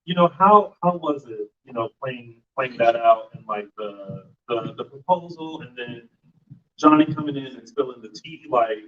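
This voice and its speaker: A man hosts a relaxed live chat, asking his guests questions in a stop-and-start way. He sits well back from the microphone. The sound is dull and muffled, like a rough first try at live streaming. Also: mid-range voice. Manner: halting, full of "you know" fillers. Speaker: podcast host interviewing guests. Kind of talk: casual live interview. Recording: muffled live stream audio, distant mic.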